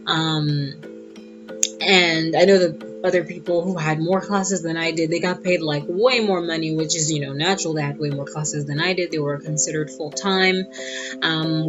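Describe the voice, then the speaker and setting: A woman telling a personal story in a casual, animated and sassy way. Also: low-pitched. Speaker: vlogger. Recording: dull lo-fi audio with guitar music.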